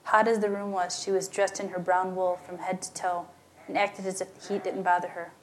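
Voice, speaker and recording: A woman's voice: on the low side, little pitch movement, brisk, slight background noise. A woman narrating a story aloud, lightly giving voice to the characters in plain storytelling. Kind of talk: scripted narration.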